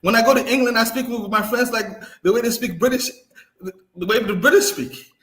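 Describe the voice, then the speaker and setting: A man's voice: very high-pitched, brisk, fairly bright tone. A man from New York, a caller on a stream, arguing insistently, cutting in and laughing often. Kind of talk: casual argument on a stream.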